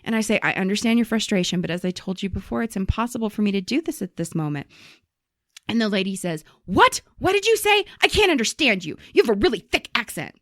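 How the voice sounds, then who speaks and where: A woman co-hosts a casual chat show, reading listener stories aloud and acting out the people in them. She talks in an animated, profane way, and her voice sits mid-range. The sound is dry and close. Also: mid-range voice, quick pace, dry recording. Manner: animated storyteller, acts out quoted people, swears freely. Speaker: podcast co-host.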